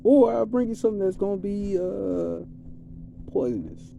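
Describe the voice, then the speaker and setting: A man's voice: sits high, sing-song, moderate pace, gravelly, dark tone, slight background noise. A man giving a rambling, streetwise spiritual monologue in a casual, preachy way. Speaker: vlogger.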